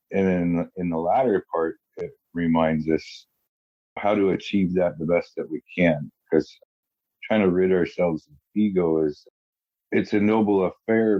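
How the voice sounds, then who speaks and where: Very deep flat-voiced man, muffled. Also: no room sound. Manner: thoughtful, hesitant, searching for words. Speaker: recovery meeting member. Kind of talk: reflective sharing.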